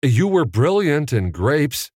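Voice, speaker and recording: Casting: a man playing a stammering, starstruck young fan, pitched up, dry sound. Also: very animated, takes it slowly, darkish tone, husky, no room sound, full character voice. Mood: flustered. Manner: stammering, breathless.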